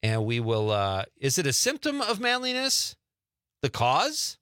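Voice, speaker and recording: A man hosts a casual live radio chat from the studio, upbeat and full of questions. His voice is bright and pushy-forward. The sound is close and dry, with no room around it. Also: mid-range voice, wildly swooping pitch, unhurried, clear, resonant tone, dry recording. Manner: chatty, upbeat, asks lots of questions. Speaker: radio show host.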